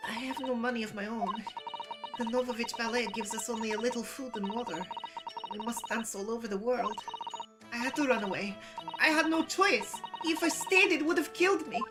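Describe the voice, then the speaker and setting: A woman voicing a frightened young runaway ballerina who pleads in a high, emotional voice, over game music. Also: moderate pace, natural voice. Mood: desperate.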